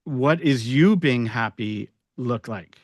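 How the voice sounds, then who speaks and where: A man hypnotherapist speaks in a mid-range voice during relaxed podcast conversation. He explains ideas with playful asides and a few restarts. The recording sounds dry and close. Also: medium pitch, slow pace, no room sound. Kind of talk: casual podcast chat.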